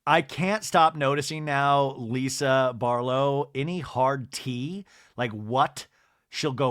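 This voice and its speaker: A man's voice: on the high side, slow, a bit bright, no room sound, studio quality. A man hosting a comedy podcast, recapping a reality show in a gossipy, dramatic way and mimicking the people in it. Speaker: podcast host.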